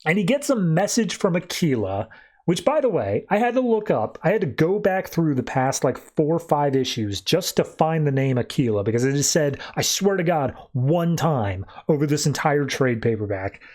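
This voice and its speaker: A man with a voice pitched a little above the usual male range retells a comic issue in a loose, chatty way. He slips into quick impressions of the characters, framing each one with "he's like.". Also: sing-song, a little mellow. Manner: loose storytelling that acts out quotes with "he's like". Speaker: podcast host. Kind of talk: casual comic book recap.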